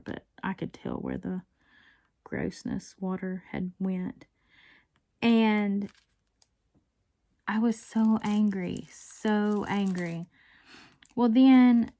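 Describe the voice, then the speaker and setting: A woman's voice: mid-range voice, darkish tone. A woman casually rambling through a story as she works on a craft at home, breaking into chuckles now and then. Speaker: diamond painting vlogger. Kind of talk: casual chat while crafting.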